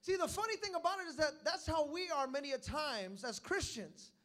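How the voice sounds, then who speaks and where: A young pastor delivers a sermon in a church, his voice very high and bright. He tells stories, asks the congregation for amens and builds to loud, excited peaks. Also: brisk. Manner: storytelling preacher, calls for amens, builds to shouting climaxes.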